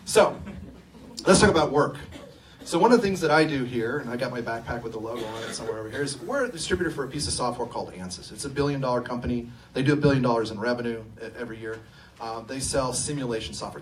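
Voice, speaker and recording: Middle-aged man, funny self-deprecating speaker, recorded from a distance, faint room hum. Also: mid-range voice. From Sacramento, California. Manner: self-deprecating, humorous, lively storyteller. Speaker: company co-owner and engineer giving a talk. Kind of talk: conference talk with personal storytelling. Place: event room at a live talk.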